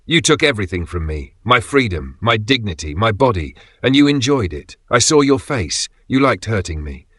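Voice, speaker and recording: Guy reading a cold vengeful woman, slow threats, kinda low, dry audio. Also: big pitch swings, a bit bright, husky, no room sound, heavily acted.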